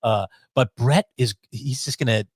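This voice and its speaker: A man's voice: mid-range voice, moderate pace, breathy edge, no echo, studio quality. A man co-hosting a live sports talk stream, casual and rambling, with many fillers and restarts. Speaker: co-host of a sports talk show.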